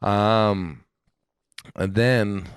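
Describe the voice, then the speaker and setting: A man's voice: lowish voice, fairly even intonation, extremely slow, smooth, no echo, studio quality. A man co-hosting a podcast in casual chat, telling long rambling stories with plenty of swearing and acted-out quotes. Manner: profane, rambling storyteller who acts out quotes. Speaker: podcast co-host.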